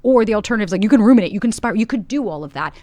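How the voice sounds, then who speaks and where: A woman's voice: mid-range voice, lively intonation, very fast, warm tone, no room sound. A woman coach in a casual podcast conversation, talking animatedly, swearing casually and acting out her inner voice with rhetorical questions. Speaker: guest coach.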